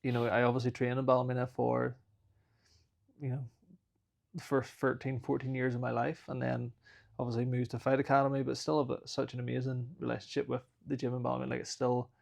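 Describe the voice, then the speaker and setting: A man's voice: medium pitch, completely flat delivery, a little fast, gravelly, darkish tone. A man in his thirties with a Northern Irish accent, a fighter chatting casually as a podcast guest, who admits he sometimes mumbles. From Northern Ireland. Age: 30s. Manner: self-described lazy talker who mumbles at times. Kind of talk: casual interview chat.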